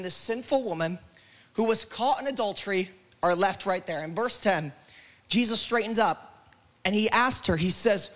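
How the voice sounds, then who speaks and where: High-pitched pastor guy preaching a sermon at church, passionate and repetitive. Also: a bit bright. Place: church service.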